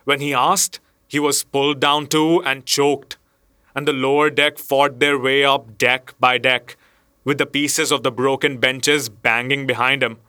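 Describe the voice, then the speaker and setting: A man reading a story aloud as narrator, in a measured storytelling manner. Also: medium pitch, little pitch movement, sharp tone, smooth, no echo, clean studio sound. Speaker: audiobook narrator. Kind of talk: scripted narration.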